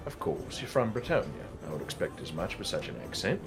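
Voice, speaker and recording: A man's voice: deep voice, big pitch swings, fast talker, music in the background. A man voicing a kind elf warrior with courteous, formal speech. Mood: concerned.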